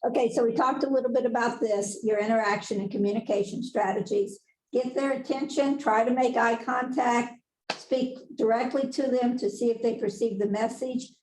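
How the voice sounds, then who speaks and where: A woman's voice: on the high side, a little mellow, echoey room, low-quality recording. Chatty woman giving a lecture. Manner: chatty, folksy, laughs at her own asides. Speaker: nurse educator presenting on dementia care. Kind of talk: conversational webinar lecture.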